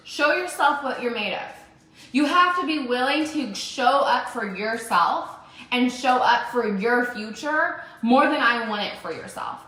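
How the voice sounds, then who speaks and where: Bright-voiced woman in an echoey room. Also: sits high. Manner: emphatic, repeats phrases for stress. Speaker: entrepreneur vlogger. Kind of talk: motivational self-recorded vlog. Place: home room with dogs.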